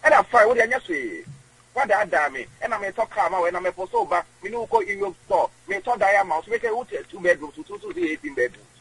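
A man's voice: extremely high pitch, very animated, fast, vocal fry, fairly bright tone, husky, low-quality recording. A Ghanaian man being interviewed, rambling and emphatic, often repeating himself. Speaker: guest. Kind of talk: casual interview chat.

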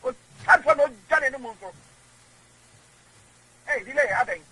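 A man's voice: extremely high pitch, moderate pace, pushed and bright, poor audio. A man with a Ghanaian accent, a guest in an interview, who rambles and repeats words. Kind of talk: conversational interview.

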